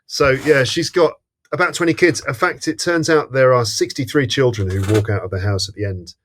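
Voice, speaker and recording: A man from England hosting a podcast, recounting film scenes in a relaxed, amused way. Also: medium pitch, a little fast, slight background noise. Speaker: podcast host. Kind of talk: casual film discussion.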